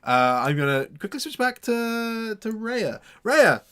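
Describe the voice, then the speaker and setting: A man's voice: sits high, very animated, unhurried, sharp tone, smooth. A man running a tabletop game as game master, narrating scenes in a rambling way with lots of restarts. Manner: rambling, full of fillers and restarts.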